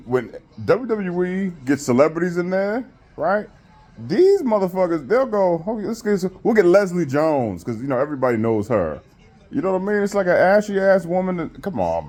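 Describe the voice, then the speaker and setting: A man's voice: mid-range voice, darkish tone. A man giving a profane, mocking rant while reviewing a wrestling show. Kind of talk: casual rant.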